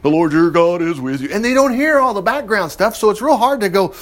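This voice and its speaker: A man preaching, reading scripture aloud and breaking in with lively, joking asides. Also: sits high, a little fast, few pauses. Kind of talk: Bible teaching with commentary.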